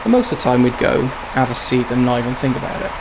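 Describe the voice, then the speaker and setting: A man's voice: mid-range voice, sing-song, quick pace. Chatty man narrating a train game. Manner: rambling, chatty, laughs at himself. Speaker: streamer playing a train simulator. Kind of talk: casual gameplay commentary and storytelling. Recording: game noise behind the voice. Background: train simulator engine and rail sounds.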